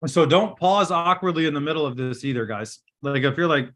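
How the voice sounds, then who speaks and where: A middle-aged man giving a live online sales training from a hotel room, talking in an energetic, direct coaching way over a computer mic. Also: a little high, a little fast.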